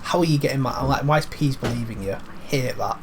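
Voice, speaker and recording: A man's voice: mid-range voice, fast, background noise. A young man giving casual, chatty commentary while playing a video game. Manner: chatty, swears freely, calls things 'mate'. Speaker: gaming commentator. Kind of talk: casual let's-play commentary.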